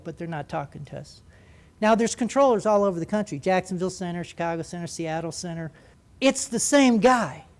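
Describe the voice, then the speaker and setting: A man, a former pilot, telling a humorous story with lively, animated delivery. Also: sits high. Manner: lively, animated, comic timing.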